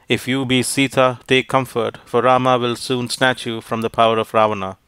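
A man voicing a loyal, kind magical monkey envoy in a storybook reading, in a measured, even tone. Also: medium pitch, smooth, dry recording, close to an everyday voice. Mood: reassuring.

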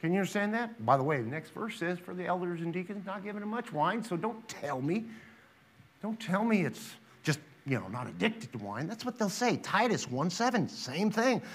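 Animated, high-pitched preaching man. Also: moderate pace, slightly rough. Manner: emphatic preaching, reads scripture aloud, rhetorical questions; dramatizes quotes with sudden loud rises. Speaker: pastor. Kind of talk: sermon.

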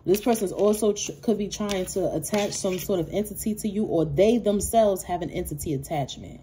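A woman's voice: medium pitch, a little fast, a little hiss or hum. Profane, laughing woman tarot reader. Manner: profane, animated, laughs often, calls viewers baby and child. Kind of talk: casual tarot reading to viewers.

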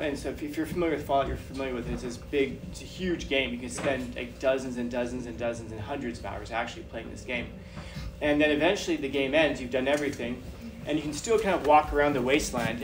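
A man giving a talk to an audience, telling animated personal stories with a chatty, repetitive manner. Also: mid-range voice, fast. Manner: animated, chatty, repeats phrases. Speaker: guest speaker. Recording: distant mic with background noise.

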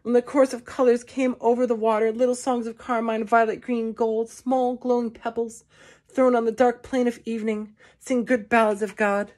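A woman giving a measured poetry reading, with slow, deliberate phrasing and long pauses. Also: fairly high pitch, little pitch movement, a little mellow. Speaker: poetry reader.

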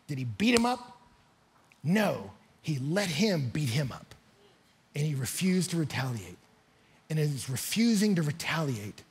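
A pastor preaching a lively sermon, telling stories and asking rhetorical questions. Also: male voice, a little high, husky. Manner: animated storytelling with rhetorical questions. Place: large church hall.

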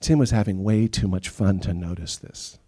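A man's voice: sits low, moderate pace. A middle-aged man preaching a sermon as pastor, telling stories and acting out the people he quotes. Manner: animated storytelling, acts out quoted voices. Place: church sanctuary.

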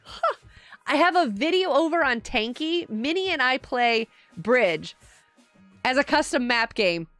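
A high-pitched, chatty middle-aged woman talking through a live game stream, laughing easily and answering her chat. She sounds a bit worn out after a long day. Faint game music plays underneath. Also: animated, measured pace, a bit bright, dry recording. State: tired.

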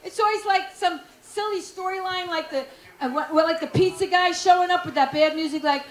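A woman's voice: extremely high pitch, brisk. A woman doing a stand-up comedy set, brash and frank, teasing the crowd. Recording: echoey club room, faint noise.

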